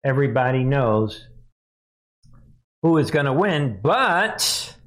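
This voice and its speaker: Animated and a little slow, this commentary host has a medium-pitched voice. During his live news commentary he ridicules the clips he plays, laughs a lot, and talks straight to the audience.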